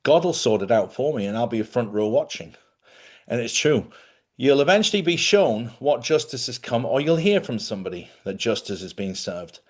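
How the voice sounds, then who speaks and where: A man hosting a spiritual live stream, chatty and animated, often laughing as he talks. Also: medium pitch, moderate pace. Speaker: spiritual host.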